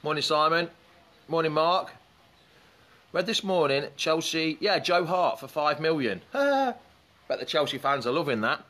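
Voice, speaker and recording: A man with a slightly high voice hosts a relaxed live stream from beside a pool in the open air. He talks in a loose, chatty way, reading out viewers' comments and greeting them as he goes. The sound comes from a camera or phone set up poolside. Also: a little slow. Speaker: fan show host. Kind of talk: casual live-stream chat. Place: outdoors beside a swimming pool in the sun.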